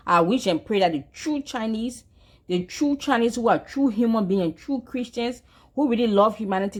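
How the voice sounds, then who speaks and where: A woman from Africa with a somewhat low voice delivers fervent social commentary on her channel. She talks in a preachy, insistent way and circles back on her own words to drive each point home. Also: darkish tone, husky. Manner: passionate and preachy, repeating her phrases for emphasis. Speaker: vlogger.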